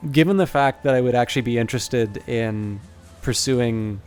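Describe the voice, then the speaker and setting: A man narrating as game master for a tabletop game livestream, talking in a halting, self-correcting way. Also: mid-range voice, darkish tone, faint music behind.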